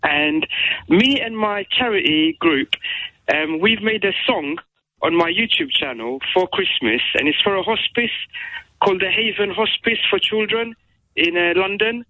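A man's voice: high-pitched, a little slow, no echo, phone-quality sound. A man calling a radio phone-in, eager and effusive. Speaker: caller.

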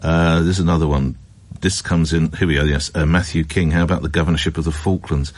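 Husky-voiced male radio phone-in host. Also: rumbling low, steady tone, brisk. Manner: chatty, wry asides between headlines.

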